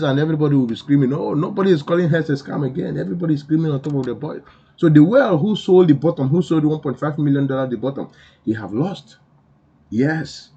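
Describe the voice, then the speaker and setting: Man, crypto vlog host, preachy and emphatic, raspy voice, muffled lo-fi sound. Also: a little high, a little mellow. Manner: insistent, repetitive, preachy. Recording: dull lo-fi recording.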